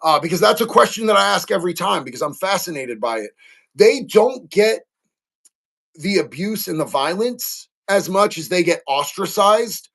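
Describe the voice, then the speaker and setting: A man's voice: high-pitched, expressive, normal speed, vocal fry, a bit bright. A man hosting a casual livestream, talking candidly and earnestly to viewers, with lots of slang, swearing and fillers. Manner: earnest and heartfelt. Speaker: livestream host answering chat. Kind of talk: casual unscripted talk to viewers.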